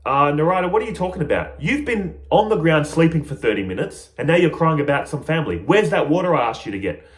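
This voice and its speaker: A man voicing Krishna, a calm, gently amused divine teacher, in a told parable. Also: fairly high pitch, quick pace. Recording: roomy echo.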